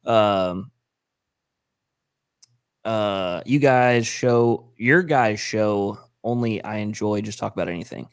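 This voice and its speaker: Low-voiced man rambling on a podcast. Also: takes it slowly, pauses often, clear, resonant tone, no room sound, studio quality. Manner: rambling, laughing, loose slangy talk. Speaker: podcast co-host and roof cleaner. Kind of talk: casual podcast chat.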